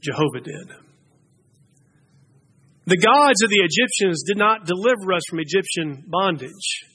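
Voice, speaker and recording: A man's voice: sits high, expressive, measured pace, pushed and bright, slightly rough. A man preaching a sermon to his congregation, emphatic, pushing key phrases upward as he builds his points.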